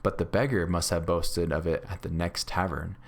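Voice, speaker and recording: A man, a grade school teacher, reading a storybook aloud to his class in a steady, clear way. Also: sits low, normal speed.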